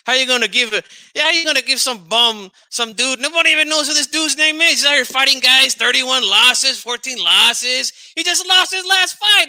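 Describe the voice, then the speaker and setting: A man's voice: very high-pitched, sharp tone, dry recording, full character voice. A man doing a comedic impression of a brash, combative older Chicano boxing dad, with a Chicano English accent, who ends nearly every line with "eh?" and "Holmes.". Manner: indignant, trash-talking.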